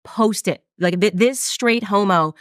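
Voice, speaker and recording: A woman's voice: medium pitch, measured pace, dry recording, clean studio sound. A woman in a casual conversation, talking in an indignant, outspoken way.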